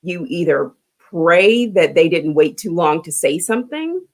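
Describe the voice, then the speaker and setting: A woman's voice: on the low side, lively intonation, unhurried. A middle-aged woman hosting a talk show, chatting casually and empathetically with emphatic asides. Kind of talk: casual interview chat.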